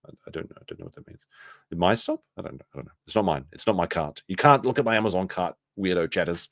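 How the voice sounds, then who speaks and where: A man hosting a commentary stream, reacting sarcastically to a clip, jumping between loud outbursts and muttered asides. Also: deep voice, expressive, fast, no room sound, studio quality.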